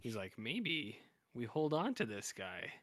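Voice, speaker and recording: Bright-voiced man rambling through a recap. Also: medium pitch, big pitch swings, measured pace, no room sound, clean studio sound. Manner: rambling, filler-heavy storytelling. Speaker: podcast co-host. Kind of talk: casual recap chat.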